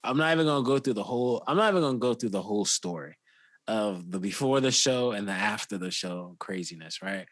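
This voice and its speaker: A man's voice: on the low side, expressive, a little fast, fairly bright tone, dry recording. A man co-hosting a podcast, telling a long casual story full of "like" and restarts. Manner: rambling, filler-heavy with "like" and restarts. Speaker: podcast co-host.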